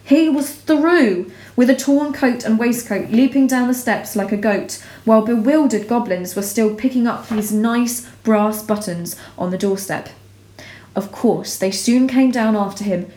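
Female narrator for a children's fantasy read-aloud; steady, expressive, mid-range voice in a roomy space. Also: medium pitch. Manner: measured, expressive reading aloud. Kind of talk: storybook reading. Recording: roomy echo.

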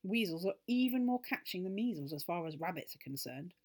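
A woman's voice: animated, a little fast, a little mellow. A woman voicing a fussy, easily frightened little male elf with a long beard in a storybook reading. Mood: chatty. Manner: fretful, high and squeaky when alarmed.

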